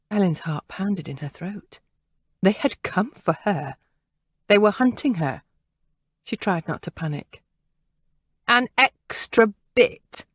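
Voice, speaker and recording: Woman narrator, audiobook reading, fairly low voice, dry close sound, measured and expressive. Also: no echo. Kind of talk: scripted narration.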